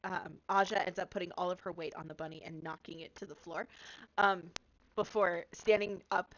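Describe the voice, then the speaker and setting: A woman's voice: lowish voice, steady tone, normal speed, highs cut off, slight background noise. A woman playing a tabletop game, giggly and hesitant as she describes her character's actions. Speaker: player.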